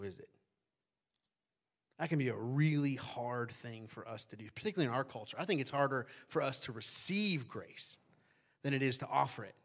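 A man's voice: medium pitch, fairly bright tone, breathy edge. A man preaching a sermon to a congregation, in a conversational way, often asking the audience questions and adding "right?". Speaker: pastor.

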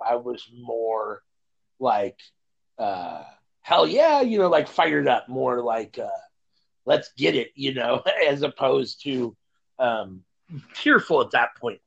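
Gravelly-voiced man, hesitant, lo-fi audio. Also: medium pitch. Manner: hesitant, many fillers, reflective. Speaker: podcast co-host. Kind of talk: casual chat.

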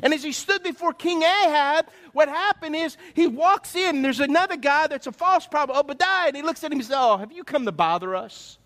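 A man preaching a sermon as pastor, animated and conversational, asking his listeners questions. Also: very high-pitched, brisk, hardly any pauses.

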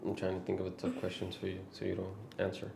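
A woman's voice: rumbling low, completely flat delivery, fast talker, vocal fry, dark tone, roomy sound, a little hiss or hum. A woman chatting casually with her partner over a meal, teasing and laughing.

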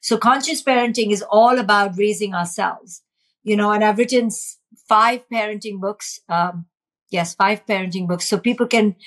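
A woman's voice: mid-range voice, moderate pace, a bit bright. A middle-aged woman, a parenting expert, explaining earnestly and emphatically as a guest in a podcast interview.

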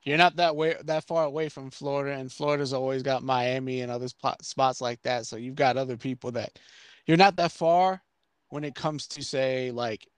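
A man's voice: mid-range voice, fairly even intonation, moderate pace, smooth, no room sound. A man hosting a podcast in casual chat, joking and ranting with plenty of swearing. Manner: joking, profane, rambling rants. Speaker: podcast host.

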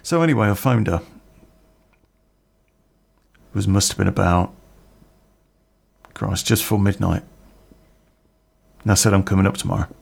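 Middle-aged male storyteller, lowish fry-edged voice, loose rambling delivery full of curses. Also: measured pace, long pauses. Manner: swears freely, rambling anecdotal asides. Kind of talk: casual spoken storytelling.

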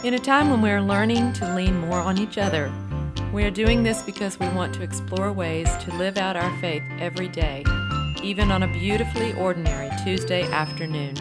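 A woman, co-hosting a casual faith podcast in a gentle, easygoing way. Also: lowish voice, moderate pace, loud music behind the voice. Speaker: podcast co-host.

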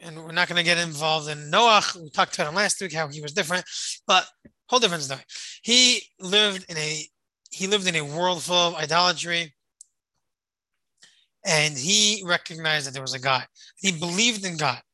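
Very bright, dry-voiced storyteller. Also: mid-range voice, moderate pace, no room sound, low-quality recording. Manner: rambling, repeats phrases, explains Hebrew terms. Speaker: Torah study leader. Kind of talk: casual storytelling to a group on a call. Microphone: call or online meeting.

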